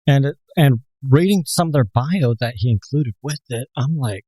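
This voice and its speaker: A man co-hosting a dating advice show as a dating coach, explaining things calmly and telling personal stories. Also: medium pitch, normal speed, poor audio. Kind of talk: casual chat.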